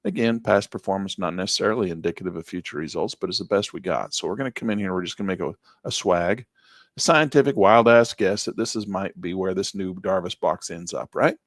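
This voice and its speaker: A man's voice: low voice, a little fast, no room sound, studio quality. Folksy man teaching options trading. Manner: folksy, upbeat, talks while clicking through charts. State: losing his voice, clearing his throat. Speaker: trading instructor. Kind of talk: live screen-share trading lesson.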